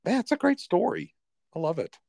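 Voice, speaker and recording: Expressive man reacting with enthusiasm. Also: high-pitched, brisk, gravelly, no room sound, studio quality. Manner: laughs easily, enthusiastic reactions. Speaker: podcast co-host. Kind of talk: casual chat.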